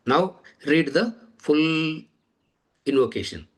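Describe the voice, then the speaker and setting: A man giving a Vedanta scripture lecture, explaining verses in a measured way and chanting Sanskrit lines slowly, often trailing off softly. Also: medium pitch. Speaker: Vedanta teacher.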